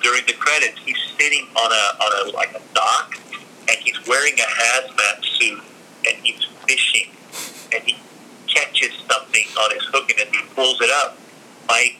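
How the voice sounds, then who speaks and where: A man in a casual interview, telling stories in a lively, chatty way with lots of fillers. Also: mid-range voice, a little hiss or hum, low-quality recording. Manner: animated, acts out other people's lines. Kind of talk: casual storytelling.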